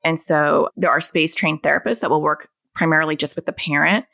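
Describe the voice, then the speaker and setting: A woman speaks low, with a gravelly, creaky texture. She is a therapist guest on a podcast, explaining ideas through everyday examples. The recording is dry and close, with no room sound. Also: fairly even intonation, a little fast, pushed and bright, dry recording. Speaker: anxiety and OCD therapist, guest.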